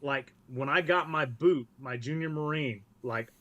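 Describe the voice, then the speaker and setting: Male veteran guest, fairly high voice; blunt, profane, chatty storyteller. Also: a little slow, sharp tone, no echo. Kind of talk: casual podcast interview.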